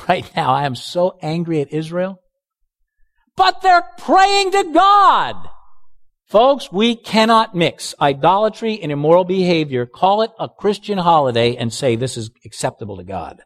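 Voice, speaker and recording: A man's voice: fairly high pitch, big pitch swings, normal speed, fairly bright tone, big-room sound. A male pastor preaching a sermon emphatically, with sarcastic asides.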